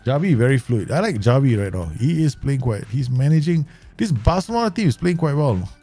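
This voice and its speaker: A man with a Southeast Asian English accent commentating live on his management game, chatty and quick to laugh as he talks to his viewers. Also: mid-range voice, big pitch swings, warm tone, soft background music. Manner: chatty, laughs easily, talks to himself and chat. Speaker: game streamer.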